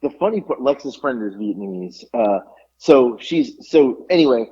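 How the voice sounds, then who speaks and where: A man with a husky, slightly breathy voice, recounting a story in loose, animated podcast chat. The audio is dull and lo-fi, with the highs rolled off. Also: measured pace. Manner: animated storyteller, laughs often. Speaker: podcast co-host. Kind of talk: casual chat.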